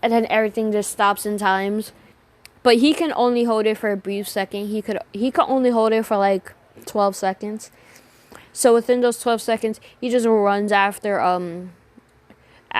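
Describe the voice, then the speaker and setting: A woman improvises a fan story aloud in a loose, rambling way. She keeps restarting sentences and mixing up character names, and she drops casual swear words as she goes. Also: medium pitch. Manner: rambling, many restarts and name slips.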